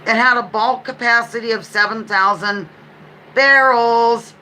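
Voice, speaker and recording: A woman's voice: fairly high pitch, unhurried, sharp tone, poor audio. A woman hosting a casual live-stream trivia game, reading out questions and answers with playful asides. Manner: chatty, playful asides, reads questions aloud. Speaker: livestream trivia host.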